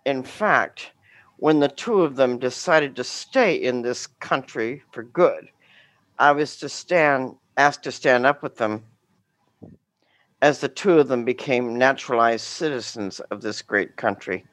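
Slow, dry-voiced woman storyteller. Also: a bass voice, dry recording. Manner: slow, deliberate, dramatic delivery with wry humor. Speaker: guest telling a teaching story.

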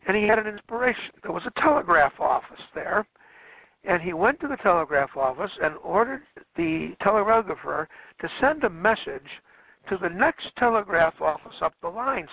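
A man with a gravelly, slightly high voice gives a classroom history lecture, wandering off track and correcting himself as he goes. The sound is dry and close, with no room around it. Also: pushed and bright, no room sound, low-quality recording. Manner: rambling, self-correcting, with frequent fillers.

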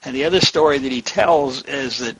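A man's voice: mid-range voice, fairly quick, fairly bright tone, slightly rough, dry recording, rough recording. A man in a book club chat, telling an anecdote in an amused, storytelling way. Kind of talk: casual anecdote.

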